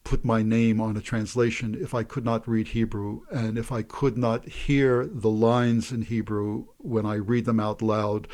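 A man's voice: lowish voice, little pitch movement, unhurried, hardly any pauses, darkish tone. A man, a poet and translator, talking through his translation work and introducing a poem, with stammered restarts. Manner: thoughtful, hesitant restarts. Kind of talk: interview and poetry reading.

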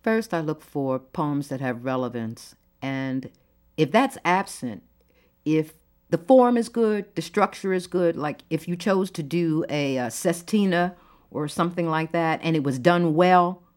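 A woman poet with a lowish voice that swoops lively up and down. She speaks unhurried and laughs easily between readings and answers. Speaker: guest poet. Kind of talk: interview conversation and poetry reading.

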